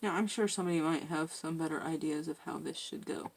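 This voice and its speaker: A woman quietly talking herself through a craft project, muttering and joking at herself as she works. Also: sits low, fast talker, vocal fry, breathy edge. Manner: soft-spoken, muttering to herself, self-deprecating. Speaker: crafting video host. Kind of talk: casual narration while crafting.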